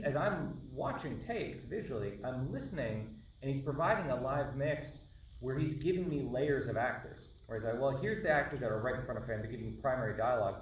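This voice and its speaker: A man's voice: mid-range voice, a little hiss or hum. Man, film director, Q&A talk, heavy hall echo, distant mic. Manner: explanatory, quick, restarting phrases. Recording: echoey hall from far off.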